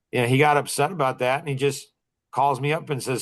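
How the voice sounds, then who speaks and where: A man's voice: mid-range voice, moderate pace, a bit bright. A middle-aged man leading a young men's group talk, rambling with many restarts and fillers.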